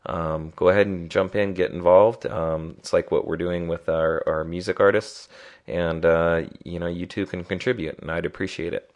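Deep-voiced man with a nasal, congested voice. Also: steady tone, moderate pace. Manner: loose, unscripted, many ums and restarts. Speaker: podcast host. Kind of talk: solo podcast monologue.

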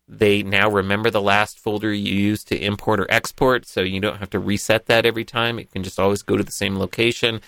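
A man's voice: lowish voice, no room sound. A man hosting a podcast, reading a sponsor spot and chatting casually with guests. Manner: relaxed, chatty, reads sponsor spots conversationally. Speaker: podcast host. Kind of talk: casual tech podcast talk.

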